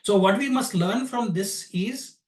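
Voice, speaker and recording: High-voiced man teaching in a roomy space. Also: unhurried. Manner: explanatory storytelling, defines each term. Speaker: astrology teacher. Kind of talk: lecture retelling a scripture story. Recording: roomy, distant from the mic.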